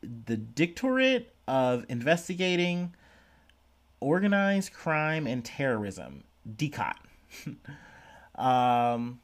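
A man's voice: medium pitch, a bit bright. Young male podcast host, casual solo news chat, lots of "like" and "um", self-mocking. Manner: rambling, filler-heavy, self-deprecating.

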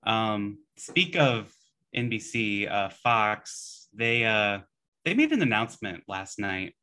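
A man's voice: lowish voice, big pitch swings, slow, bright, forceful tone. A man co-hosting a casual podcast, telling stories animatedly and acting out his own reactions. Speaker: podcast co-host. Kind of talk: casual chat.

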